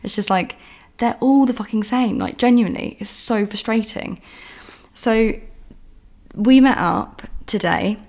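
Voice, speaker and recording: In a candid solo monologue, a young woman who hosts a podcast tells a story as an exasperated rant full of swearing. Her voice sits on the low side and is a little mellow.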